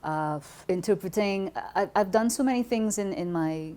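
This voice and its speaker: A woman with a Trinidadian accent, talking as an interview guest in an expressive, conversational way, often repeating words as she starts a thought. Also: mid-range voice, moderate pace. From Trinidad and Tobago.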